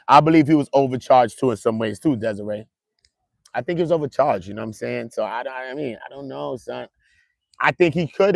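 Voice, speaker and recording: Gravelly slangy New man. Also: mid-range voice, no room sound, clean studio sound. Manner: loose street slang, joking, animated storytelling. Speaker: trial commentator. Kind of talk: casual livestream commentary.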